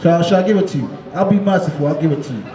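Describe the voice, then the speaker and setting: A man preaching to a crowd in the street, shouting and calling on listeners to answer, asking again and again if they understand. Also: fairly high pitch, expressive, rapid-fire. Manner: repeats "you understand?". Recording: echoey, crowd noise behind.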